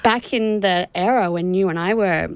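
A woman's voice: mid-range voice, normal speed, clean tone, dry recording. A woman co-hosting a radio show, chatting casually and playfully and thanking listeners by name.

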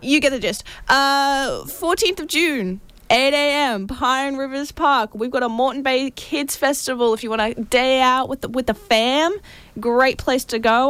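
Bubbly radio co-host, high voice. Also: female voice, a bit bright, smooth, dry recording. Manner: bubbly, chatty, enthusiastic. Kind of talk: casual radio event roundup. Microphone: studio microphone.

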